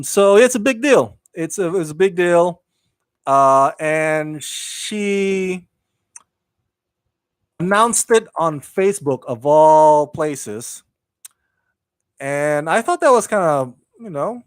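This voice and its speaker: Chatty higher-pitched male live-stream host. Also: dry recording. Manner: enthusiastic, rambling, with frequent fillers and restarts. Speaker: host of a live entertainment news show. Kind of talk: casual live-stream chat reading viewer comments.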